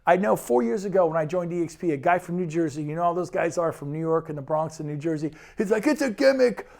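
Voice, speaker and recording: A man, a real estate broker, giving an enthusiastic and persuasive sales pitch presentation. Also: fairly even intonation, darkish tone. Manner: enthusiastic, persuasive, rapid lists.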